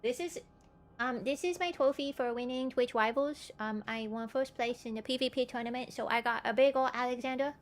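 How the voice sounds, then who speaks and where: A streamer putting on a halting, mock-formal show-and-tell voice to present a trophy. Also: female voice, fairly high pitch, natural voice. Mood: proud.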